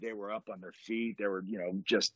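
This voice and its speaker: A man's voice: lowish voice, little pitch movement, brisk, a bit bright, no room sound. A man, a professional wrestler, is a podcast guest. He tells a story with eager, rambling enthusiasm, full of restarts. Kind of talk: animated storytelling in casual chat.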